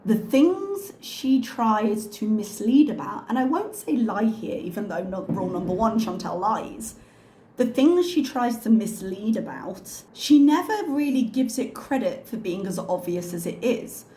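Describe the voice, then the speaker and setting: A woman hosting a reaction video, talking calmly with pointed, sarcastic remarks. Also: mid-range voice, reverberant. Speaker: reaction channel host. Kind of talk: soft-spoken reaction commentary.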